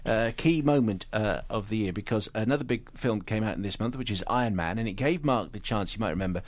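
A man presenting a radio talk show, smooth and wry, steering the conversation along. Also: lowish voice, fairly quick, no room sound. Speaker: radio host. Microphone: studio microphone.

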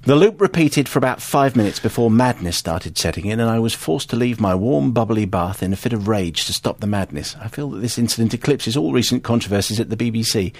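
A man's voice: medium pitch, animated, a little fast, few pauses, a little mellow. A man, co-hosting a podcast and reading out listener emails in a dry, teasing way. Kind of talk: casual podcast chat.

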